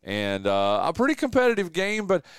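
A man's voice: high voice, huge pitch swings, normal speed, clean tone, no room sound. A man hosting a radio show, chatting casually and emphatically about sports from a studio. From southwestern Virginia. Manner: emphatic, says "dude" often. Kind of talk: casual sports talk chat. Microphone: studio mic.

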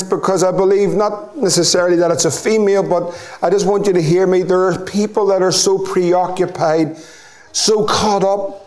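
A man's voice: high-pitched, darkish tone. A middle-aged man with a Northern Irish accent preaching a sermon as pastor, building to impassioned, repeated appeals.

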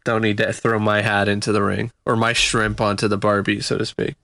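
A man co-hosting a podcast, talking casually and haltingly with lots of fillers. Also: lowish voice, level tone, creaky, bright, forceful tone, no room sound. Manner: hesitant, many fillers. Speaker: podcast co-host. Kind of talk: casual chat.

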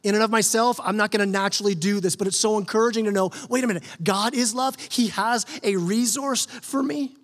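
A man's voice: high voice, steady tone, brisk, hardly any pauses, fairly bright tone, big-room sound. A male pastor preaching a sermon in an earnest, conversational way, often restarting his words. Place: church sanctuary.

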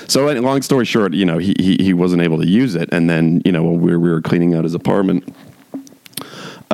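A man's voice: sits low, vocal fry, no echo. A man talking casually in a rambling way, full of "like" and restarts, with wry chuckling asides. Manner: rambling, heavy use of "like", frequent restarts. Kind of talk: casual monologue chat.

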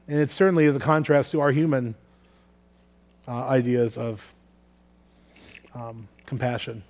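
Earnest man preaching, higher voice. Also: darkish tone. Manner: earnest, repeats words while thinking aloud. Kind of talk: sermon with scripture reading.

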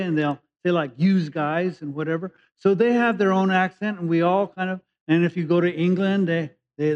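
Guy preaching a bible sermon, kinda high voice, talks loose and restarts a lot, dull muffled recording. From California. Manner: conversational preaching, restarts, rising emphasis on key words. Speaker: pastor.

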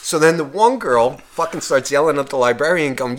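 A man's voice: on the high side, expressive, a little fast, hardly any pauses. A young man casually telling a long, profanity-filled bar story on a podcast, acting out everyone's lines. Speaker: podcast co-host.

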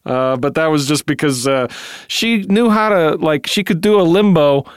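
A man doing a rambling restaurant pitchman. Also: expressive, moderate pace, clear, resonant tone, no room sound, clean studio sound, natural voice. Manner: rambling, tangent-prone, laughing. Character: brash male restaurant promoter, rambling brother. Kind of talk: improvised comedy commercial.

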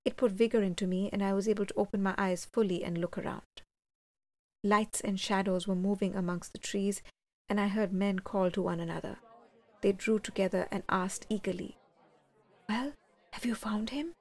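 A woman reading a first-person gothic story aloud, measured and slowing for suspense. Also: medium pitch, little pitch movement. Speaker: audiobook reader.

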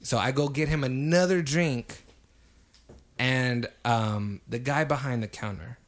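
Young man, podcast co-host, casual storytelling, animated, swears a lot, medium pitch. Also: a little slow. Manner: animated, swears a lot, gets loud acting out quotes.

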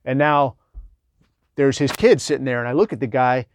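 Middle-aged male veteran, casual storyteller, chatty and digressive, mid-pitched voice. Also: moderate pace, slight background noise. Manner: rambling, digressive, conversational with lots of fillers.

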